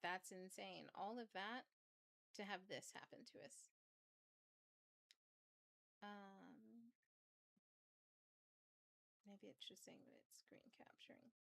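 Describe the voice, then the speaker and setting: A woman's voice: mid-range voice, steady tone, slow pace, vocal fry, long pauses, fairly bright tone, no room sound. A woman hosting a casual livestream, flustered and chatty. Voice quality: craggly. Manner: flustered, chatty, swears, laughs often. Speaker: host.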